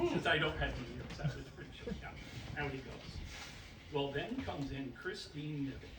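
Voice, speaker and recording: A man with a high, lively voice works a live crowd as a magician and comic storyteller. He talks playfully and often breaks into laughter. He sounds far from the mic in a roomy hall, with noise behind him. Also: normal speed. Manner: animated, laughing, playful showman. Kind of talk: live stage patter and joke telling. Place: stage in a hall with a live audience. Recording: roomy, distant live stage recording with noise.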